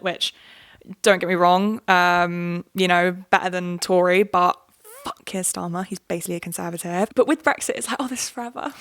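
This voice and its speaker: Twenties woman host, bright tone, animated rants, casual filler-heavy talk. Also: mid-range voice. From England. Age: 20s. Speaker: podcast host. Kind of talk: casual monologue.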